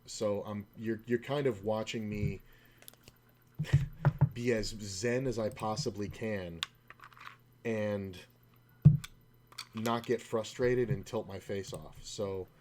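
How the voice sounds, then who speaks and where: A man's voice: on the low side, slow pace, pauses often, very noisy. A man streaming poker who tells a long, rambling story in a casual, discouraged way, often stopping mid-sentence. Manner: rambling, self-interrupting, quotes others in his own voice. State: discouraged, low-key. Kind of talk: casual storytelling while playing.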